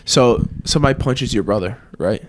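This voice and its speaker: A man's voice: mid-range voice, animated, normal speed. A man in casual podcast chat who asks short, blunt questions and tells brief stories.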